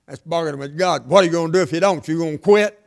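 An older man preaching a sermon, repeating lines for emphasis and swinging between loud and hushed delivery. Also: fairly high pitch, very fast, gravelly.

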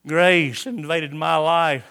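A man giving a sermon as a testimony, his voice sitting high and sounding bright and forceful. He tells his story in a folksy, homespun way, circling back to the same phrases for emphasis. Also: fairly even intonation, slow, gravelly.

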